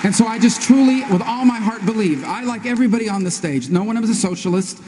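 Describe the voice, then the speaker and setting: A man speaking as a presidential candidate in a debate, in a rapid, emphatic, repetitive stump-speech style. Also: sits high, long reverb tail, a crowd in the background. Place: large debate hall.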